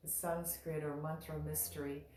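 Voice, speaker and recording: Calm, lowish woman teacher; unhurried delivery, chants drawn out; echoey room, mic at a distance. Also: a little hiss or hum. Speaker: mantra teacher. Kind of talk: spoken teaching with slow chanting.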